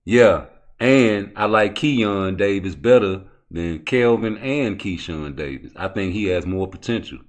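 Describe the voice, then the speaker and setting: Man, low voice, heckling rant, swearing often, casual boxing talk. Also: a little slow. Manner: profane, animated, heckling. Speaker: boxing commentary vlogger. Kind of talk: casual ranting commentary.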